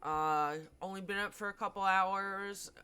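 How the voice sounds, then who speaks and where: A woman's voice: medium pitch, steady tone, unhurried, pushed and bright, smooth. Chatty woman streaming a cozy game. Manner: chatty, filler-heavy, talks to chat. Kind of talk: casual chat while playing.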